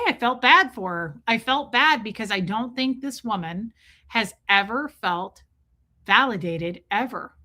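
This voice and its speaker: Bright-voiced woman ranting on a livestream. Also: on the high side. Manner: talks fast and emphatic, repeats herself; breaks off to thank chat viewers. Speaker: livestream host. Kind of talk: casual livestream commentary.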